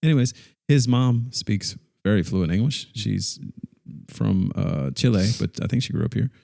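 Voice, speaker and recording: A man's voice: lowish voice, expressive, moderate pace, gravelly, dark tone, dry recording, clean studio sound. A man co-hosting a podcast in casual chat, joking and laughing often at his own remarks. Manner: laughs often, jokey and self-mocking. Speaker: podcast co-host.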